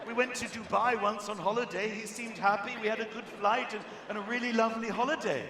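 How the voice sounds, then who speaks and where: A woman's voice: on the high side, fairly even intonation, fairly quick, a crowd in the background, pitched above the performer's own voice, lightly acted. A male comedian voicing a flustered wife who rambles on to reporters in a live stand-up routine. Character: worried wife of a suspect, rambling. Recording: echoey hall, audience noise.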